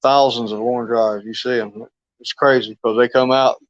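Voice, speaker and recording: A man's voice: medium pitch, fairly even intonation, normal speed, no echo. Folksy male fishing streamer, rambling and chuckly; dry, dull lo-fi audio. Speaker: fishing live stream host. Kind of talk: casual live stream chat.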